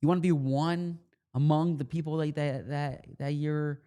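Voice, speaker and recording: A man's voice: fairly high pitch, little pitch movement, moderate pace, warm tone, clean tone. A man with a slight Philadelphia accent co-hosting a sports podcast, talking casually and explaining things with frequent restarts. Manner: conversational, explains with repeats and restarts. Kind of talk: casual chat.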